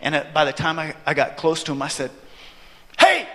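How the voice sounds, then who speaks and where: A man preaching a sermon, telling a story with animated delivery and acting out his own reactions. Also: a little high, fast talker, noisy background. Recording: long hall reverb.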